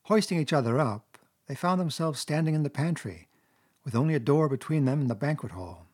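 A man with a husky, medium-pitched voice narrates a classic children's story as an audiobook, reading in a measured, expressive way.

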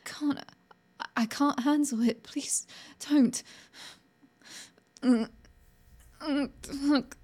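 A woman voicing a sharp-tongued young woman in an adult audio role-play, sarcastic at first, later stammering and pleading. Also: sits high, a little slow. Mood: frightened.

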